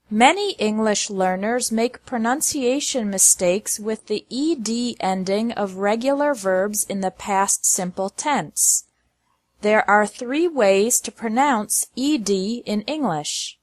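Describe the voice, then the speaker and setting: A woman teaching English, narrating a lesson slowly and carefully pronouncing each word in lists for learners to repeat. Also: a little high, no echo. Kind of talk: slow, clearly enunciated lesson narration.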